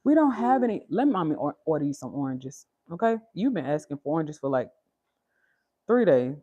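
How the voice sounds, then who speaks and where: Woman, lowish voice, very expressive rise and fall, slightly scratchy throat, casual home livestream chat. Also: fairly quick, breathy edge, dull audio. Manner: talks to her audience as "y'all" while gently correcting her small child. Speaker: livestream host.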